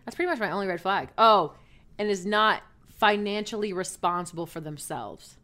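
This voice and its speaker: A woman's voice: medium pitch, moderate pace, pushed and bright. A young woman co-hosting a podcast in casual chat, candid and blunt, full of likes and playful jabs. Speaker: podcast co-host.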